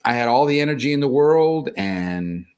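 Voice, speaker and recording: A man telling a personal story in casual conversation, animated and self-deprecating. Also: medium pitch, normal speed, smooth.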